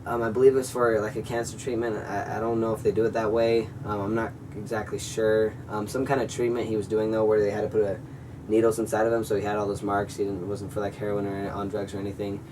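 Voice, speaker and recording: This young man talks fast in a lowish, level voice, casually telling the camera a personal story that wanders and leans on fillers, told earnestly with the odd acted-out quote. He's recorded far from the mic against a noisy background.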